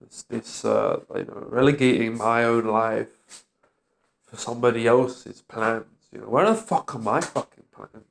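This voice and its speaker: Gravelly man ranting, bitter and agitated. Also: medium pitch, unhurried. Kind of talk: vlog monologue rant. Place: London street.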